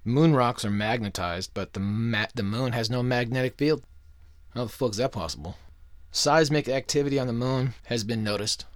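A man's voice: mid-range voice, normal speed, no echo, clean studio sound. A young man hosting a podcast, delivering a crude, swear-filled conspiracy monologue with mocking jokey asides. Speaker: podcast host.

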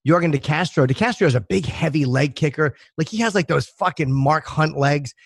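A man's voice: fairly high pitch, a little fast, gravelly, no room sound. Hesitant man on a dry call. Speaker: podcast co-host. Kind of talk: casual chat. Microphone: video call.

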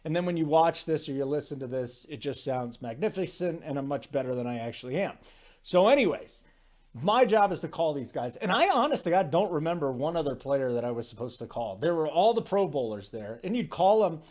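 A man in his forties hosting a sports talk show, telling stories in a rambling, animated way with lots of asides. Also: on the high side, brisk. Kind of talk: casual sports talk monologue.

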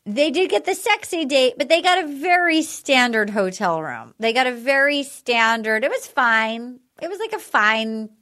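A woman's voice: high voice, animated, moderate pace, hardly any pauses, bright, forceful tone. A woman chatting casually as a podcast host, recapping a dating show and acting out quotes in mocking voices.

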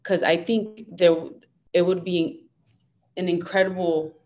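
A woman's voice: on the low side, steady tone, unhurried, a little mellow, muffled recording. A young woman fighter talking earnestly and upbeatly as a guest in a casual interview. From United States. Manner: earnest, upbeat, code-switches Spanglish.

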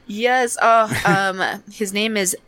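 A man's voice: high voice, fairly even intonation, takes it slowly, bright, forceful tone, smooth. A man as a podcast guest in casual chat, agreeing often with short replies and casual swearing.

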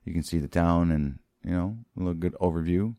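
Male co-host, relaxed recap banter; low pitch, dry close recording. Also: brisk, no room sound. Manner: laid-back, chimes in with short agreements and profane quotes. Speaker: podcast co-host recapping a TV episode. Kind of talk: casual recap chat.

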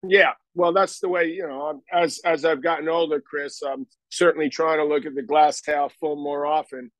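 A man's voice: on the high side, fairly even intonation, normal speed, no room sound, rough recording. An older man telling stories in a casual interview, rambling and self-deprecating with many restarts. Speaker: guest.

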